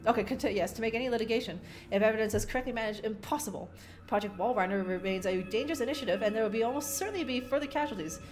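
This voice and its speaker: A woman's voice: fairly high pitch, racing, over music. Profane joking woman streaming a horror game. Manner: profane, jokey, reads game notes aloud with asides. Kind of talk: casual gameplay commentary.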